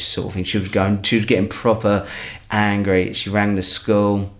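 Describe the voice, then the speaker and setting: A young man tells a story in a relaxed, chatty way. His voice sits on the low side, and he keeps restarting and correcting himself as he goes. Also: moderate pace. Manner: rambling, self-correcting anecdote telling. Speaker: comedian guest. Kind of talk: casual storytelling.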